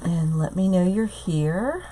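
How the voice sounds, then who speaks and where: Slow, hoarse grandmotherly craft host. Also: lowish voice, lively intonation, mellow. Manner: chatty, greets viewers by name between steps. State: hoarse from a cold. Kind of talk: live-streamed craft tutorial chat. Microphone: tablet streaming live.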